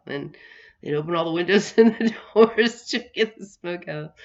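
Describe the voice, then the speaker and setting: A young adult woman tells a story in a loose, chatty way, stopping and restarting her sentences and laughing along the way. Her voice sits a little low for a woman. The recording sounds dull and lo-fi. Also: a little slow, gravelly. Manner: rambling, many restarts, laughs often. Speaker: vlogger. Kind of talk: casual storytelling vlog.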